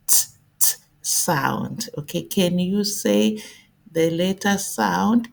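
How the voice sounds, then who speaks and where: A woman teaching a phonics lesson to young children, speaking clearly and repeating letter sounds for them to copy. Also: lowish voice, takes it slowly. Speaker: English teacher.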